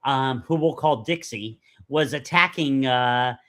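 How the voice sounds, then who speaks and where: A man co-hosting a casual movie podcast, animated and joking as he shares trivia. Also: medium pitch, slow pace. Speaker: podcast co-host.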